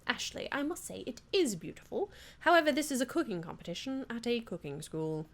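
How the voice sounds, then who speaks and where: A woman's voice: a little high, sing-song, brisk. A woman voicing an old male dog who is a master chef teacher, speaking in a grand, pompous way. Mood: stern.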